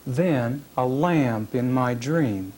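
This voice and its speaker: At a reading series event, a man reads his own first-person fiction aloud in a measured, dramatic way, leaving heavy pauses. His mid-range voice is husky with a somewhat dark tone.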